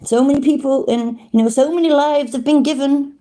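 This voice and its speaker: A woman's voice: high-pitched, steady tone, fairly quick, mellow, pitched above the performer's own voice, close to an everyday voice. A woman with a put-on American accent doing a mocking impression of a sanctimonious male American auditor.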